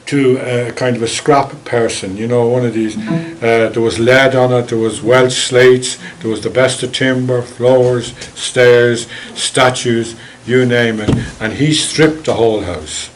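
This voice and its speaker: A man's voice: medium pitch, a little hiss or hum, poor audio. A man with an Irish accent giving a local history talk with slides, telling stories in a chatty, wry way. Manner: anecdotal, chatty, wry asides.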